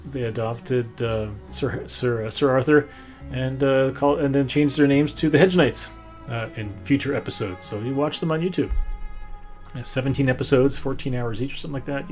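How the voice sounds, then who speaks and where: A man narrating a tabletop game as game master, his talk meandering with plenty of pauses. His pitch sits in a middle range. Soft guitar music plays in the background. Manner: rambling, many fillers and restarts.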